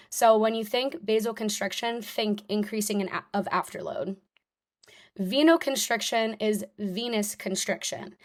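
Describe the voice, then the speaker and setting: Young woman tutoring live online, super casual, lots of ums and likes, mid pitch. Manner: casual, chatty, many fillers. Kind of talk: live online review lesson.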